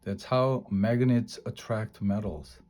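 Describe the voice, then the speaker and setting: A man's voice: lowish voice, steady tone, slow, darkish tone. A man voicing an enthusiastic female science teacher who explains in a classroom lecturing voice, in a read-aloud storybook.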